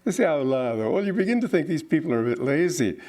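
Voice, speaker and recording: A man's voice: a little high, very animated, very fast, mellow. An older man giving an informal spiritual talk, reflective, with chuckling asides and playful mimicry. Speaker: spiritual teacher.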